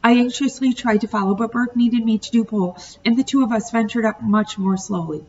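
A woman teacher reading a novel aloud to her students, pausing to ask the class questions. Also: on the high side. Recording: distant muffled home recording, faint hiss.

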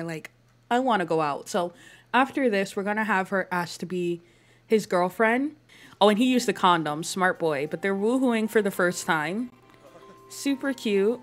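A woman chatting her way through a life-simulation game, laughing easily and tossing off playful lines for her characters. Her voice sits in a medium range, and her delivery is casual and upbeat. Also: mid-range voice. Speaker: gaming YouTuber. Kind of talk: casual Let's Play commentary.

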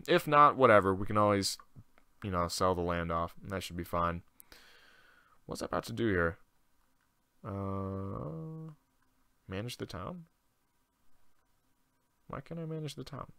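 Young male gaming host, bright, forceful voice; loose, profane, thinks out loud. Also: mid-range voice, clean tone, no echo. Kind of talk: casual let's-play commentary.

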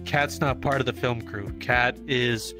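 A man co-hosting an interview show, talking in a reflective, measured, casual way. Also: medium pitch, fairly even intonation, music in the background. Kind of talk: casual chat.

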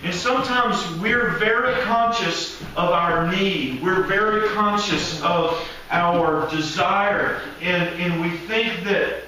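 Male preacher, high bright voice, slow deliberate delivery, animated sermon, echoey hall, mic at a distance. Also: slight background noise. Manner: animated, acts out voices of people praying.

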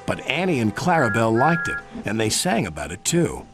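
A man narrating a children's storybook in a lively storytelling way. His pitch moves widely through each sentence. Music plays beneath the voice. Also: normal speed, few pauses. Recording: music behind.

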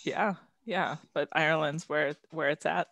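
A podcast host chatting with a guest over a video call, upbeat and laughing often. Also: female voice, deep voice, steady tone, unhurried, gravelly, a bit bright, dry recording. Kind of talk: casual interview chat.

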